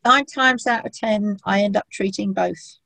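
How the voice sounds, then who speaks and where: A woman's voice: medium pitch, measured pace, creaky, bright, forceful tone, no room sound, poor audio. A woman telling a long, chatty story about treating dogs, acting out what people said to her. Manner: chatty anecdotal storyteller, acts out quotes. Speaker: dog remedy practitioner. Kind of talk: casual conversation, storytelling.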